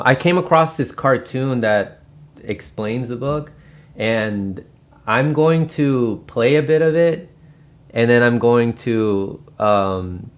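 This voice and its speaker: A man hosting his own channel, recommending and explaining a book in a loose, casual way with lots of fillers and restarts. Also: medium pitch. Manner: rambling, many fillers and restarts. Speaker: book review host. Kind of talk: casual spoken book review.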